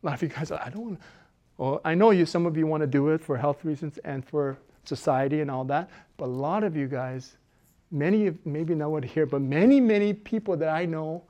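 This middle-aged woman pastor preaches briskly in a low-sitting voice. Animated throughout, she moves from loud exhortation to quiet intensity and frequently breaks into laughter.

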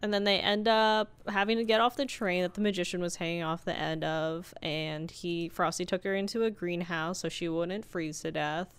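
A woman's voice: lowish voice, steady tone, moderate pace, few pauses, clean tone. A woman co-hosting a podcast, chatting casually and recapping a movie, laughing often as she acts out quotes. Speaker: podcast co-host.

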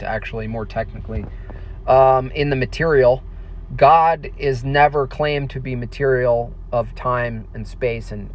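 An American man casually answering viewer questions on a stream, halting with many fillers and restarts. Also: medium pitch. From United States. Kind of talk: casual livestream chat.

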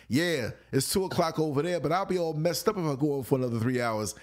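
A man's voice: on the high side, fast, hardly any pauses. A man on a late-night talk show, telling stories animatedly, laughing often and acting out grunts and voices. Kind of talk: late-night casual storytelling.

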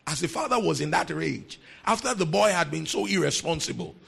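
A pastor preaches with a very gravelly, husky voice and a wide, animated pitch range. He repeats his points emphatically, swinging from quiet talk to shouting. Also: brisk. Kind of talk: sermon.

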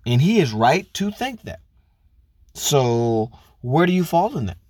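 Man, blunt lecturing monologue, swearing, pitch swinging up and down, dry close sound. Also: very animated, a little slow, a little mellow, no echo. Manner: talks straight to women listeners, rhetorical questions. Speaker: commentator on relationships. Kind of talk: casual monologue.

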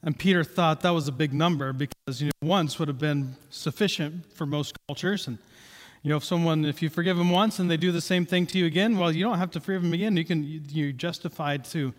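A man's voice: on the high side, fairly quick. A man preaching a sermon in a conversational way, repeating key points for emphasis. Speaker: pastor. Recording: reverberant hall.

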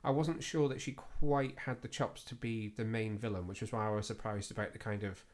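A man's voice: on the low side, fairly even intonation, a little fast. A man hosting a casual podcast, reviewing a film in a chatty, self-deprecating way with plenty of fillers. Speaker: podcast host.

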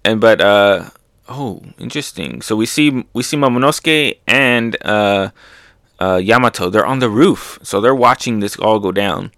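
A manga reaction host with a lowish voice narrates a comic chapter at a measured pace in loose, chatty commentary. He is animated, often breaking into playful sound effects and laughter, and the recording is close and dry with no room sound.

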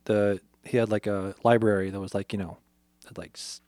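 On a podcast he co-hosts, a man with a lowish voice talks a little fast, casually retelling a film's plot in detail. He's an animated storyteller who acts out the characters' lines and swears freely. There's no room sound.

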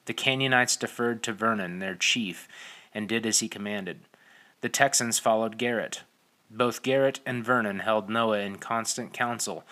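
A male audiobook narrator telling the story in a steady, measured way. His voice sits on the low side but rings bright and forceful. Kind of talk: scripted narration.

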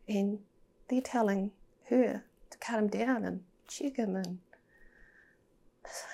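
A woman's voice: medium pitch, slow pace, gravelly, long pauses, mellow. A woman telling a personal story as a podcast guest, candid and emotional, swearing and sometimes dropping to a near-whisper.

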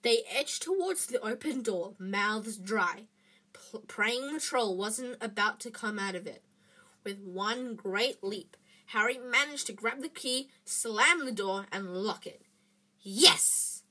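A woman reading a children's book aloud in an expressive way, with small slips and restarts. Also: medium pitch, takes it slowly, breathy edge. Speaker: reader.

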